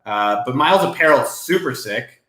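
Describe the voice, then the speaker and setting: A man hosting a live Q&A stream from his desk, talking casually and excitably, with some swearing. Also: mid-range voice, moderate pace, echoey room. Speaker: host.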